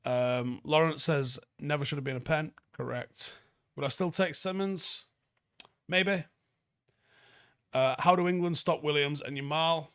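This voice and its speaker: Blunt sweary football host. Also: male voice, on the high side, steady tone, unhurried, long pauses, fairly bright tone, clean tone. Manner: blunt, sweary, reads viewer comments aloud and answers them. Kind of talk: live stream chat review.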